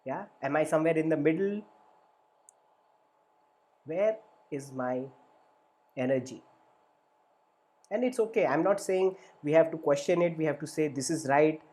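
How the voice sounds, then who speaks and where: A man's voice: a little high, measured pace, long pauses, dark tone. A middle-aged man, a therapist, gives a spoken teaching session in an earnest, repetitive way, often checking in with "right?" and acting out inner voices in quotes. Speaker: therapist and workshop facilitator.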